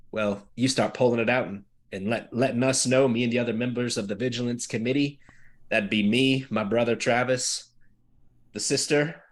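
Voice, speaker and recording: A man's voice: medium pitch, lightly acted. A man playing a weary frontier marshal, speaking earnestly with folksy phrasing. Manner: folksy drawl, plainspoken.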